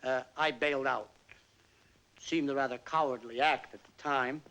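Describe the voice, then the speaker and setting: A man's voice: medium pitch, fairly even intonation, normal speed, sharp tone, clear, resonant tone, poor audio. An actor playing a self-mocking male entertainer just home from army service, telling a wry story with comic timing in a 1950s film stand-up monologue. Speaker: stage entertainer.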